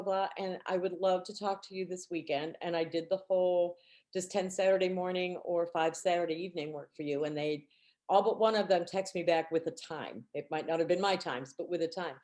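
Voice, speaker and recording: A woman and team director co-hosting a book club, chatting and acting out the people she quotes. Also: darkish tone. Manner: chatty storyteller who acts out quotes with a raised pitch. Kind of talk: casual chat and reading aloud.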